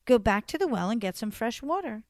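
A woman's voice: a little high, big pitch swings, brisk, no echo, clean studio sound. A woman voicing a stern mother who gives firm orders in a raised voice.

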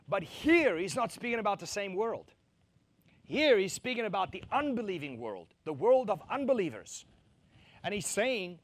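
A man preaching a sermon, animated, acting out quoted voices to mock them and laughing between his points. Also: high-pitched, normal speed. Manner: animated, acts out mocking quotes.

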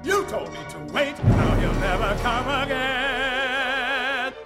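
A man's voice: very high-pitched, slow, over loud music. A man singing the part of a vengeful, unhinged barber in a musical cast recording, with an intense, snarling delivery over an orchestra. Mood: menacing.

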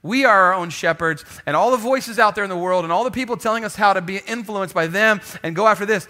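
Bright-voiced animated preacher man. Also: high-pitched, quick pace. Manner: animated, calls for audience response. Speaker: pastor. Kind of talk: sermon.

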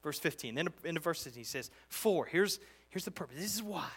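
Guy preaching a sermon, kinda high bright voice, chatty and emphatic. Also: a little fast, husky. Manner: conversational preaching, emphatic and animated, with frequent restarts. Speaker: pastor. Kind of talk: expository sermon.

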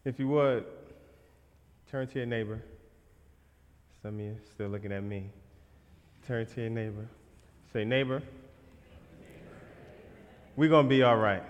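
A man's voice: mid-range voice, a little slow, pauses often, lo-fi sound. A man performing spoken-word poetry in a church, rhythmic and leading call-and-response. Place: church sanctuary. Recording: long reverb of a large hall.

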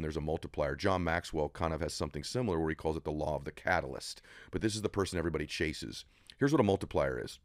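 A man's voice: a bass voice, no echo, studio quality. A middle-aged man speaking in a motivational interview, emphatic and preacherly, building to intensity. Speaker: podcast guest. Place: studio room.

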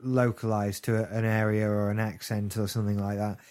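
A man's voice: lowish voice, flat delivery, fairly quick, darkish tone. A British man chatting casually as a podcast co-host, with wry, jokey asides. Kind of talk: casual chat.

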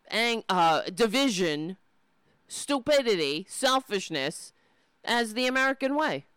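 Woman ranting n swearing about politics, sarcastic, lots of pitch swings, kinda slow. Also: a bit bright, clear, resonant tone, dry recording. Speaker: political commentator reacting to clips. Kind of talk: angry reaction commentary.

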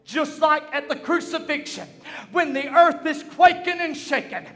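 A man preaching a fervent sermon, swinging between shouting and hushed tones. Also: extremely high pitch, a little slow, in a large hall, soft background music.

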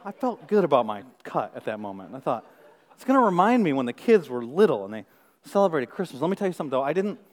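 A man in his thirties, a pastor telling a story from the pulpit with animated, self-mocking humor. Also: on the high side, quick pace, long reverb tail. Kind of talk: storytelling sermon.

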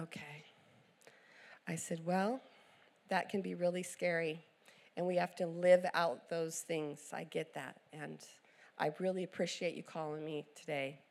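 A woman's voice: fairly low pitch, vocal fry, darkish tone. A middle-aged woman preacher, telling a story in a sermon and acting out the voices of the people in it.

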